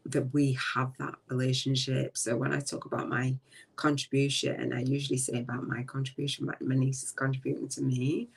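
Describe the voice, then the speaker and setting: A middle-aged woman hosts a live spiritual talk in a slow, reflective way. Her phrases trail off and she keeps an even, almost flat tone. She sounds set back from the mic. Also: very deep voice, vocal fry, husky. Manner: reflective, slow and unhurried, trailing off, often dropping soft. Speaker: podcast host. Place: a relative's home. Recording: voice distant from the mic.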